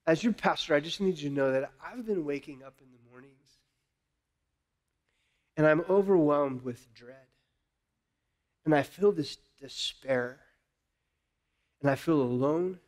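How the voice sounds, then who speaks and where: A man's voice: a little high, unhurried, pauses often, a little mellow. A male pastor preaching a sermon, candid and impassioned, often repeating words as he builds.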